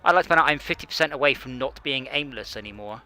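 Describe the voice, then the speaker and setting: A man's voice: mid-range voice, lively intonation, quick pace, pushed and bright, clear, resonant tone, faint music behind. A man streaming a space game, chatting casually and mocking himself as he plays. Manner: rambling, self-mocking, talks to himself while playing. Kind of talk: casual gaming chat.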